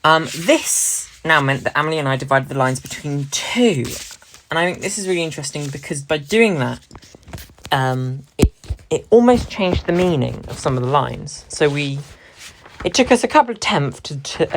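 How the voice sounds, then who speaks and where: Speaking in a low voice over a faint hiss or hum, a young actress analyses the way dialogue in a scene gets split between performers. She breaks off to cite lines, hitting individual words hard, and her reflective manner stays considered and analytical.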